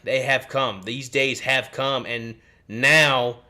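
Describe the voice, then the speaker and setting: A man's voice: mid-range voice, fairly even intonation, slow, bright, forceful tone. A man, hosting a live sports stream and ranting in a frustrated, rambling way. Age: 30s. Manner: frustrated, rambling, cursing and sighing. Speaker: podcast host.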